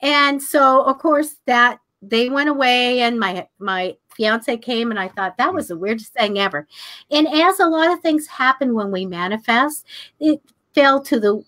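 Older female co-host, slightly high voice, animated storyteller who mimics other people's voices and laughs a lot. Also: unhurried. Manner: animated, acts out voices in her anecdotes, laughs often. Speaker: psychic radio show co-host. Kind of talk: casual storytelling chat.

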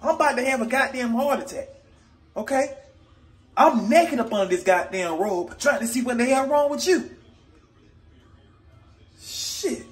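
Very high-pitched, animated comedian man. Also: unhurried, long pauses, faint music behind. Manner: profane and exasperated; animated storytelling. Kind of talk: comedic rant.

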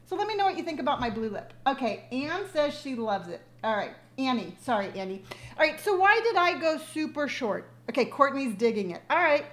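A woman's voice: on the high side, expressive, normal speed. A woman in her fifties hosting a casual live stream, chatting effusively and reading viewer comments aloud, with lots of ums and restarts, speaking into her device's built-in mic. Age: 50s. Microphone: device's built-in mic, no external microphone.

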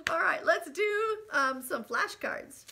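A middle-aged woman teaching young children their letters in a video lesson, speaking slowly and straight to the kids. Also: very high-pitched, vocal fry, bright, forceful tone, slight background noise. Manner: slow, sing-song, talks straight to children. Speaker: preschool teacher.

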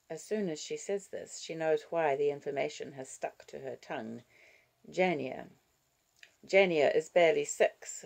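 Woman audiobook narrator; low, gravelly voice, measured and expressive. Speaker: audiobook reader. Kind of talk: scripted narration.

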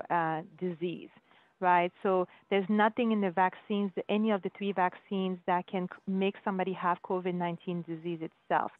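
A woman's voice: lowish voice, no room sound. Woman doctor on a video call, patient explaining, lots of restarts, tinny dry audio. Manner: reassuring, explanatory, with frequent restarts. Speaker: guest physician. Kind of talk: answering questions at a virtual town hall.

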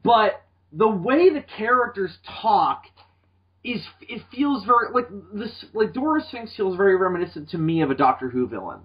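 A man's voice: high-pitched, sing-song, normal speed, slightly rough. A young man hosting a podcast in casual chat, rambling and swearing often. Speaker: podcast host. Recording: dull lo-fi podcast audio.

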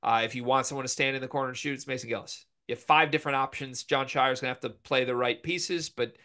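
An opinionated young man, sitting mid-range in pitch, talks sports in a loose, animated way. He has the hiccups and jumps between quick, confident rankings. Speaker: podcast co-host. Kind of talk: casual sports talk.

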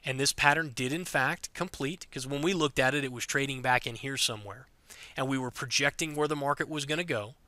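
A man teaching pattern trading while walking through charts, talking fast and direct. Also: medium pitch, pushed and bright, no echo. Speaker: trading educator. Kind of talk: screen-recorded chart walkthrough.

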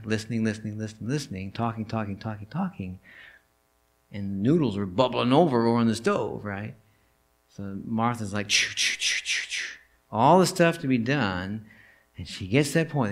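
In a church sanctuary, a male pastor with a mid-range voice preaches a sermon. He tells the story animatedly and poses questions to his listeners.

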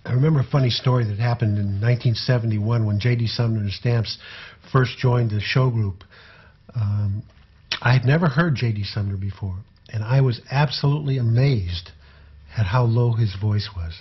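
An older man, a former tour manager, telling personal anecdotes in a relaxed, halting way. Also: medium pitch, breathy edge, dull audio. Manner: relaxed, halting storyteller with fillers.

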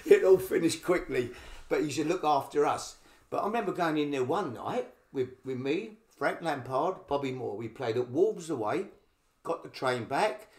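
A man's voice: a little high, animated, moderate pace, darkish tone, echoey room. An older man with a Cockney accent, a podcast guest telling rambling stories and acting out what people said. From England. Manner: rambling anecdotes with acted quotes. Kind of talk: casual storytelling.

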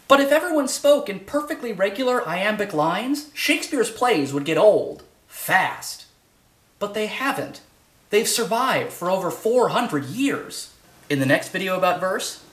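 A woman's voice: mid-range voice, fairly bright tone. A woman gives a casual online lesson, playful and enthusiastic, her voice swooping up and down with lots of melody. The recording carries a noticeable roomy echo. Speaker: online teacher. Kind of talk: casual educational talk.

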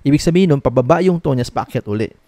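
A man's voice: medium pitch, expressive, very fast, warm tone, dry recording. A man teaching pronunciation in a video lesson, patient and repetitive, often checking in with "okay?" as he drills syllables one by one. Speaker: Mandarin tone teacher.

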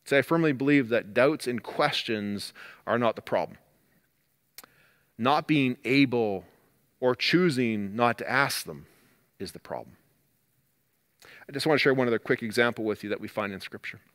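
A man preaching a sermon as pastor, earnest, swinging up and down in pitch and loudness for emphasis and restarting words now and then. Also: lively intonation, normal speed, long pauses. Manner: earnest, rises and drops in pitch and volume for emphasis.

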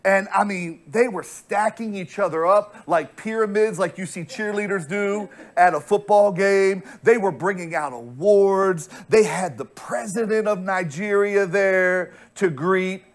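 An American pastor preaching with emphatic storytelling, his voice sitting fairly high for a man. He doubles back on words as he builds a point. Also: unhurried, hardly any pauses. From United States. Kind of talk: sermon.

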